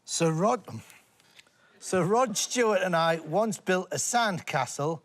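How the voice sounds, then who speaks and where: His voice sitting high and his pace slow, an English man rambles through a comic story on a TV panel show with a studio audience. He's animated throughout and keeps laughing as he speaks.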